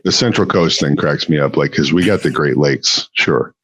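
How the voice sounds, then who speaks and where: A man's voice: a bass voice, moderate pace, a bit bright, breathy edge, no room sound. A man from the Upper Midwest, chatting casually on a podcast in a laid-back way, with lots of easy yeps and mm-hmms. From Upper Midwest US near the Canadian border. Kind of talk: casual chat.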